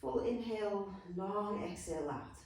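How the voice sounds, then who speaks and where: A South African woman leading a yoga class, giving calm, encouraging cues and gentle options. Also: mid-range voice, measured pace. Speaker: yoga instructor. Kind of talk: guided yoga class instruction. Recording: very echoey room, from a distance.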